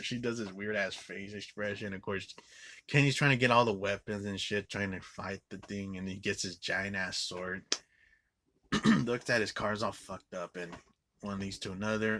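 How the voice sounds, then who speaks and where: A man giving a casual, rambling movie review, swearing a lot and filling every pause with filler words. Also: on the low side, sharp tone, slight background noise. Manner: rambling, profane, filler-heavy with frequent "like".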